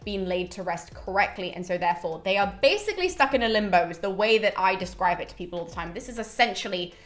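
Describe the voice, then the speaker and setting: A woman casually retelling a myth in a chatty, animated way with the odd swear word. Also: mid-range voice, quick pace. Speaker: mythology channel host.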